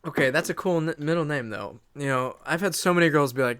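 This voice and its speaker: A man's voice: a little high, quick pace, hardly any pauses, a bit bright, smooth. A young man co-hosting a podcast, chatting casually, joking around with lots of fillers. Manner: joking, filler-heavy, laughs often. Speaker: podcast co-host. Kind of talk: casual chat.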